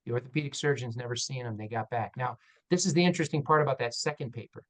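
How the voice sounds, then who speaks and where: Speaking fast in a medium pitch over a rough recording, a male orthopedic surgeon tells stories on a panel. He's candid and self-deprecating, animatedly acting out the dialogue in quotes as he goes.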